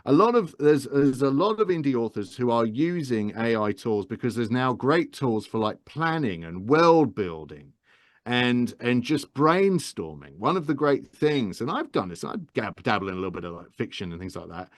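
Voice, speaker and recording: Rambling, animated male audiobook narrator. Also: medium pitch, moderate pace, no echo, clean studio sound. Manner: enthusiastic, rambling advice with many restarts. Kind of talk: casual interview chat.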